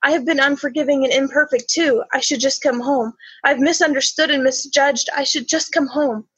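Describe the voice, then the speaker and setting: A woman performing a spoken word poem in a slow, measured, halting delivery. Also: high voice, fairly even intonation, a bit bright, no room sound. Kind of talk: spoken word poetry reading. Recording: dull, slightly lo-fi sound.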